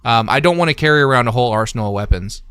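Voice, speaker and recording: A man's voice: medium pitch, animated, racing, a bit bright, smooth, dry recording. A man hosting a livestream, chatting casually with callers in an easygoing way full of fillers. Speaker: livestream host.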